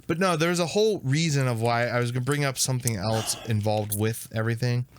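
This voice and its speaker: A man's voice: medium pitch, brisk. A man co-hosting a podcast, chatting casually with lots of filler words. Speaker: podcast co-host. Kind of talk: casual chat.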